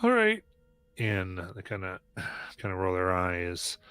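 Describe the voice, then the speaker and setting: A man narrating as game master of a tabletop game, halting, with many fillers and sighs. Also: sits low, flat delivery, fairly bright tone, smooth.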